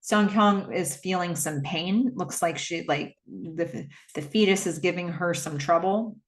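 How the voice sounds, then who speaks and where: A woman's voice: on the low side, a little slow. A woman casually retelling a film's plot, chatty with lots of fillers and visibly moved. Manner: conversational with many fillers, emotional. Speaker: film recap host. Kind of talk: casual movie recap.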